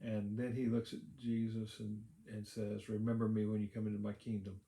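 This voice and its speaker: A man preaching a sermon as a pastor, in a conversational way with many pauses and restarts. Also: fairly low pitch, completely flat delivery, warm tone, roomy sound. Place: church sanctuary.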